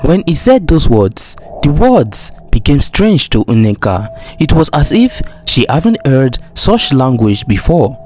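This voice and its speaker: Expressive male storyteller. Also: medium pitch, slow pace, hardly any pauses. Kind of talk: folktale narration. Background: background music.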